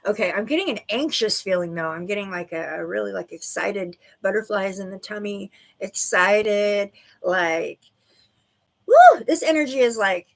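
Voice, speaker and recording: A woman's voice: mid-range voice, expressive, normal speed, vocal fry. A woman giving intuitive readings to viewers on a livestream, bubbly and giggly, full of "like" and "okay". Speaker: livestream psychic reader.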